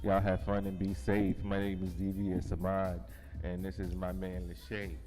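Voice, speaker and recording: A man's voice: deep voice, completely flat delivery, moderate pace, warm tone, soft background music, poor audio. A man with a New Jersey accent hosting a radio show, easygoing as he signs off and thanks listeners. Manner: laid-back, laughs along, signs off. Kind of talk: casual radio chat.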